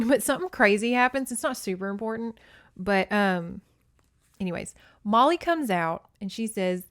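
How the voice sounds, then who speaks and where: A young woman talks through a book's plot like she's gossiping with a friend. She's chatty and wry, with sarcastic asides. Her voice sits at a middle pitch and sounds close and dry, with no room around it. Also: expressive, normal speed, dry recording. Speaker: podcast host. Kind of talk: casual book recap with commentary.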